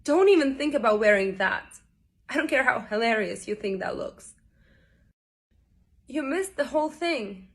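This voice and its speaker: A woman plays an exasperated wife who scolds her husband in a high, unhurried voice. Each reproach lands slowly and deliberately, hurt showing under the calm. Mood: hurt, reproachful. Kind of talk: acting a dramatic monologue.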